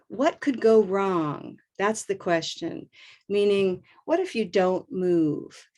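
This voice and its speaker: Slow, encouraging woman teaching pronunciation. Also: medium pitch, a little mellow. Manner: slow, deliberate, drawn-out modeling of vowel sounds; encouraging, upbeat praise. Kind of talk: live online pronunciation lesson.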